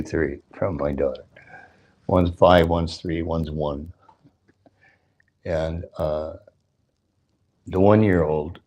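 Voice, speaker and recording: Older man, very deep voice, sermon. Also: darkish tone, breathy edge. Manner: explains scripture, chants verses, asks the audience questions; jokes, chuckles between points. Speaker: temple speaker.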